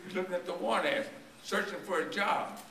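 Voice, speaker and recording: Male preacher, voice worn and straining, bright and forceful tone, tells a story in his sermon, church echo, mic far off. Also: sits high, a little fast, creaky. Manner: storytelling sermon with call-and-response questions to the congregation. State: voice strained and tiring. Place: church sanctuary. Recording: echoey church recorded from a distance.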